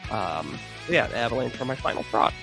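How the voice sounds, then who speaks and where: A man's voice: mid-range voice, expressive, brisk, gravelly, over music. A young man co-hosting a sports podcast who talks in a chatty, opinionated way with frequent fillers. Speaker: podcast co-host. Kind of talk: casual sports chat.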